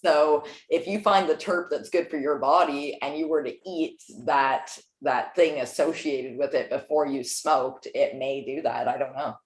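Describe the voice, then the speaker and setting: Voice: mid-range voice, steady tone, measured pace, hardly any pauses. A participant in a casual online chat show, musing hesitantly. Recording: roomy echo.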